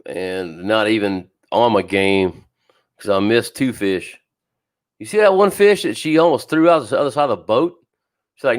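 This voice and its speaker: A man's voice: mid-range voice, measured pace. A man hosting a live fishing show, chatting casually, greeting viewers by name and laughing often, with an occasional wheeze. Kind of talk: casual live-stream chat. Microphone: streaming setup, talking to camera.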